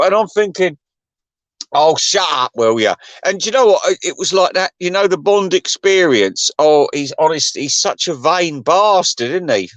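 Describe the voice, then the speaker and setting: Profane rambling man, high-pitched. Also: moderate pace, dry recording. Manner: crude, mocking, laughs often, pitch leaps up when excited. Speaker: vlogger.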